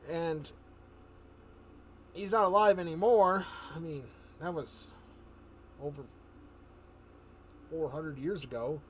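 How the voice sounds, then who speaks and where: A man's voice: a little high, steady tone, slow, long pauses, slight background noise. A man streaming live, telling a rambling story in casual chat, often chuckling and restarting his sentences.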